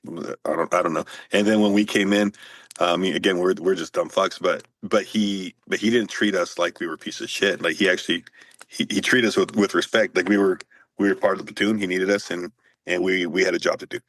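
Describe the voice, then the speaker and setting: Man, 40s, low voice, rapid-fire, profane storyteller, dry close sound. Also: steady tone, fairly bright tone, no room sound. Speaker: guest, Marine veteran. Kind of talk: casual chat.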